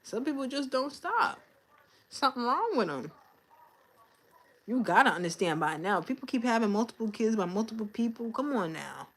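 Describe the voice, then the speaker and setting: A young woman hosts a casual livestream, chatting candidly and venting in a loose, conversational way. Her voice is a little high and very animated, and she speaks at a normal speed.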